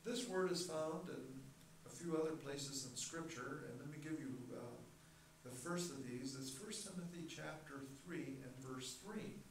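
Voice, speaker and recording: A man preaching a sermon as pastor, explaining Greek words slowly and carefully, with frequent fillers. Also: fairly high pitch, slight background noise. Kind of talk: expository sermon teaching. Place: church hall. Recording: roomy, distant sermon recording.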